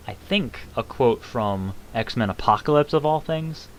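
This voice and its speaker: A man's voice: mid-range voice, animated, unhurried, hardly any pauses, slight background noise, low-quality recording. A young man casually commenting on a game's lore, rambling with many ums and self-deprecating jokes.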